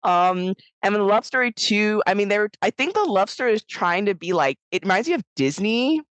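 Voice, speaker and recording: A woman co-hosting a podcast, chatting casually about a film, animated and laughing often as she acts out lines. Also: mid-range voice, moderate pace, no room sound, poor audio. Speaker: podcast co-host. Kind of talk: casual film review chat.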